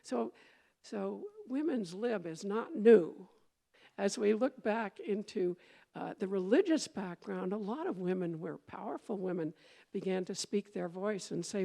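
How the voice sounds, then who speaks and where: A woman's voice: medium pitch, measured pace, creaky, warm tone. A woman minister giving a conversational sermon, meandering, with fillers and restarts as she goes.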